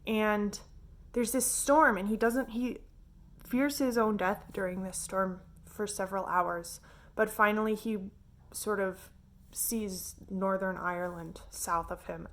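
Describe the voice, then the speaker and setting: A woman's voice: mid-range voice, steady tone, slow pace, fairly bright tone. A woman reviewing a novel in casual, chatty talk full of filler words. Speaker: book reviewer. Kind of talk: casual chat.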